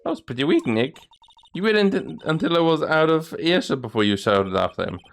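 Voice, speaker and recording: A perky young female sidekick from a game teases her partner in a high, playful voice, as a man puts her on. The pitch jumps about in a lively way. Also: fairly quick, gravelly. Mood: teasing.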